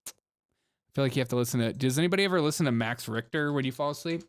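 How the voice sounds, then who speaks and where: Music plays under this young male host as he jokes through a comedic political livestream, laughing often and reading viewers' comments aloud. He talks fast at a medium pitch, and the recording is dry with a clean studio sound.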